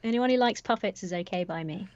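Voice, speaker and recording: A woman guest on a livestream chat, self-mocking and quick to laugh. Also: medium pitch, a little mellow, no echo, dull audio. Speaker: guest, fan film actor and YouTuber.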